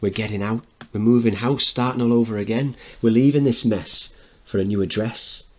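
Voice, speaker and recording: A man's voice: lowish voice, normal speed, husky. A man reading a play aloud, singing the part of a brash, hopeful working-class mother. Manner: sings loud and bold, puts on a posh voice.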